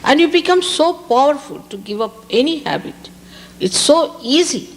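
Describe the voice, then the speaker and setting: A woman's voice: sits high, animated, moderate pace. Indian woman giving an emphatic spiritual talk. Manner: emphatic, repeats key words for stress. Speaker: spiritual teacher. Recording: reverberant hall, faint background hiss.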